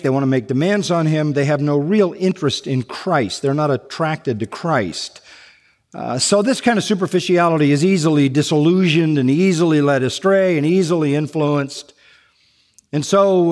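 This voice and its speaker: Man preaching, emphatic, repeats phrases, mid-pitched voice, long hall echo. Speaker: pastor. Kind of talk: sermon.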